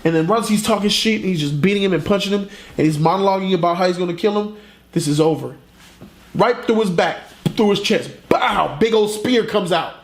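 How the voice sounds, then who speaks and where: A man retelling a comic plot in a casual, animated, profane way, as a reviewer. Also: high-pitched, a little fast. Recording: roomy echo.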